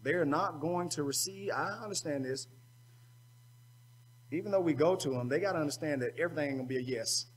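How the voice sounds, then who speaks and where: A man's voice: on the high side, brisk, poor audio. A man preaching a sermon at a youth seminar, colloquial and call-and-response in manner.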